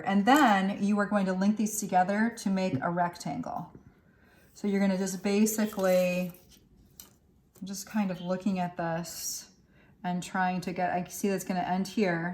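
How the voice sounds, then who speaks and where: A woman teaching a recorded remote art lesson, explaining step by step in a relaxed way with frequent ums and uhs. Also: on the low side, moderate pace, distant mic. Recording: roomy echo, voice set back from the mic.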